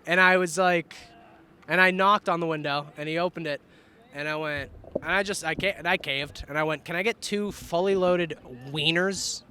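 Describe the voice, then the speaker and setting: A man with a Boston accent, a comedian chatting on a podcast from a canoe, telling profane, animated stories and laughing often. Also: fairly high pitch, moderate pace, slight background noise. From Boston, United States. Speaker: comedian guest. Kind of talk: casual podcast chat, telling funny stories. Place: in a canoe outdoors.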